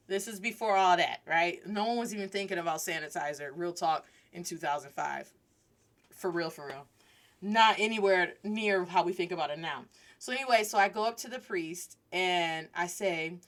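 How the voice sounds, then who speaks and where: A woman's voice: medium pitch, moderate pace. A woman in her thirties hosting a podcast, telling a story as a Spanish lesson and mixing Spanish into her English. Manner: animated, switches between Spanish and English. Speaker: podcast host.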